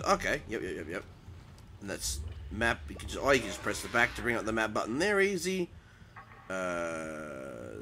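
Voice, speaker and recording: A man's voice: on the low side, sharp tone, slight background noise. A man hosting a let's play, easily frightened and blurting nervous exclamations as he plays. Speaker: gaming channel host. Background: game music.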